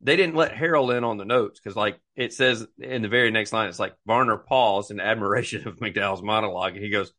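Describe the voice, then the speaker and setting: A man's voice: on the low side, fairly quick, few pauses. A man co-hosting a casual podcast, telling stories and acting out quotes. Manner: animated storytelling, acts out quotes. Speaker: podcast co-host. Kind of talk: casual chat about golf.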